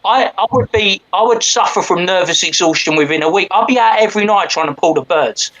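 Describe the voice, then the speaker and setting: A man's voice: high-pitched, fairly quick, a bit bright, highs cut off. Brash, sweary London man. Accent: London English. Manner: swearing, rambling, cockney slang. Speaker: stream co-host. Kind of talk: casual stream chat.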